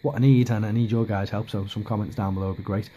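Guy rambling about his hobby, low voice, lots of ums, faint noise behind. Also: fairly even intonation, quick pace, mellow. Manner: hesitant, lots of ums and restarts. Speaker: miniature hobby vlogger. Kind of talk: casual rambling update.

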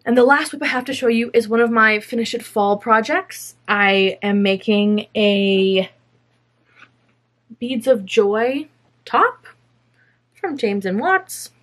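A woman's voice: a little high, slow pace, fairly bright tone. A young woman chatting casually to camera about her spinning and felting projects, rambling and self-mocking, now and then slipping into silly voices. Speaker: fiber craft podcaster.

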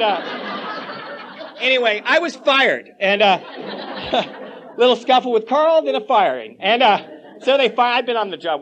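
At an AA meeting, a man with a very high-pitched, fairly bright voice jokingly recounts his recovery in slang, calling people "man" and "bro." He's in a meeting room before a live audience, captured on a lo-fi old cassette tape.

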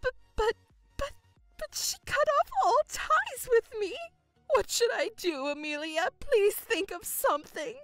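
A woman's voice: high voice, very animated, moderate pace, dry recording, faint music behind. A woman voicing a self-pitying, controlling middle-aged mother who whines and stammers in outbursts, in a dramatized story. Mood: wailing.

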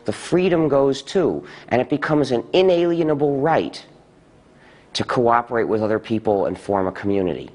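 A man explaining deliberately in a documentary interview, his pitch jumping up when he stresses a point. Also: darkish tone, in a large hall. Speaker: interviewee, software movement founder.

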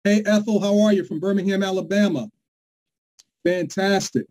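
A man's voice: high voice, steady tone, moderate pace, darkish tone, low-quality recording. A man from New York hosting a live online presentation, upbeat and hyped as he greets viewers by name. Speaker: webinar host.

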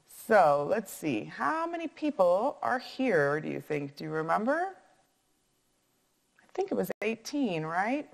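A woman's voice: medium pitch, very animated, unhurried, gravelly, long reverb tail. Musing teacher woman counting aloud. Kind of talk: reading a picture book aloud with math questions.

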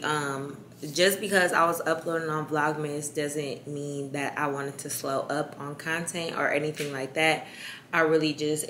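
A young woman with a raspy voice, chatting excitedly in a casual vlog. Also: deep voice, slight background noise, low-quality recording. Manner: chatty, excited, lots of fillers. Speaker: vlogger.

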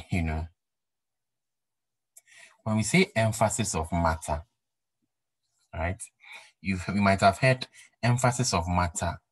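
A man's voice: sits low, slow, pauses often, dry recording, poor audio. A man giving a recorded accounting lecture, repeating key points and asking rhetorical questions to stress them. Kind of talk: recorded exam-prep lecture.

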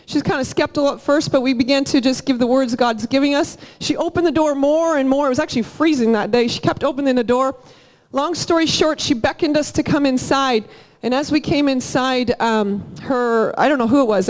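Church leader, woman, high voice, energetic storyteller. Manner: lively storytelling, quick and energetic. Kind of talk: church announcements and testimony. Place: large church auditorium.

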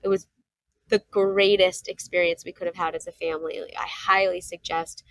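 A woman in her thirties, a podcast guest, telling a story in casual conversation and acting out what people said with lively jumps in her voice. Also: normal speed. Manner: animated, acts out quotes with jumps in pitch.

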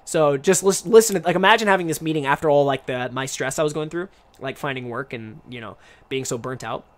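Chatty young man, slightly high voice. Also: fairly quick. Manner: rambling, chatty, frequent restarts. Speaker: podcast host. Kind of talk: casual live-stream podcast chat.

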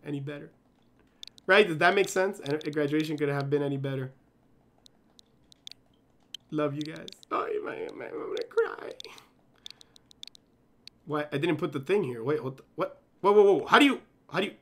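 A man in his twenties streaming a game live, chatting excitably to his viewers and constantly cutting himself off with "hold up". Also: fairly high pitch, slight background noise. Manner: excitable, fidgety, keeps saying "yo" and "hold up". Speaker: gaming streamer. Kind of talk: casual live-stream chat while playing.

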